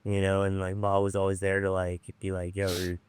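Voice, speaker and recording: A man's voice: low-pitched, monotone, brisk, clean tone, no room sound. A man from Orange County who runs a treatment program, telling a story in a rambling, laid-back way full of fillers. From Orange County, California. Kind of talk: casual storytelling on a podcast.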